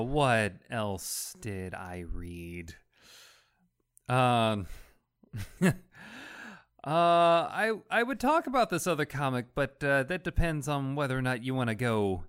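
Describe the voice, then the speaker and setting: A man in a casual comics chat, talking haltingly with frequent restarts and laughs. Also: medium pitch, expressive, fairly bright tone, clean tone.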